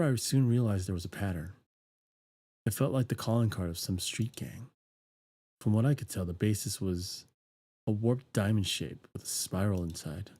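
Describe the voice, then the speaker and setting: A man streaming a horror visual novel, narrating its text in a steady, even voice with dry asides. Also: lowish voice. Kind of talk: reading a visual novel aloud.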